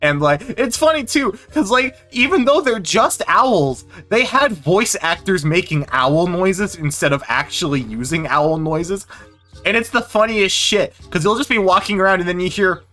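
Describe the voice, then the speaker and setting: A male streamer rambles through casual gameplay commentary, self-deprecating and salty. His voice sits a little high and swings widely in pitch. Faint game music plays underneath. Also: animated, normal speed, sharp tone. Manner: rambling, self-deprecating, swears, laughs often.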